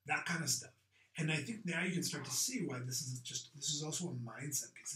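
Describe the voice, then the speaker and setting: A man coaching a group call on sales tactics. He talks in a direct, punchy, conversational way and adds lively asides. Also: medium pitch, reverberant, recorded from a distance, low-quality recording.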